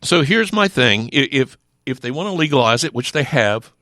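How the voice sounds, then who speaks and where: Bright-voiced middle-aged man, emphatic. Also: mid-range voice, lively intonation, moderate pace, no echo, clean studio sound. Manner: emphatic, with rhetorical questions and frequent restarts. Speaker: sheriff's office lieutenant, regular guest. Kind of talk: casual studio chat. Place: radio studio. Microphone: close studio mic.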